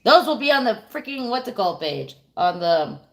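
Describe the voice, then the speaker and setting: A woman's voice: fairly high pitch, sing-song, normal speed, creaky. A woman in her thirties chatting casually on a livestream, telling a rambling, profane story and answering viewers. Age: 30s. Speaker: streamer.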